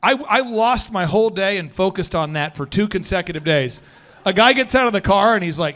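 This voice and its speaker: A male podcast host with a notably high voice talks in a casual, slangy way. He is energetic and animated and leans hard into his storytelling. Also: a little fast.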